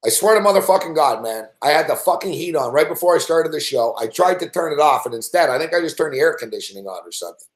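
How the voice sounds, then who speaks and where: Male sports host, slightly high voice, loud profane ranter, echoey room. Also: animated, fast. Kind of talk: profane sports betting rant show. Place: indoor home studio.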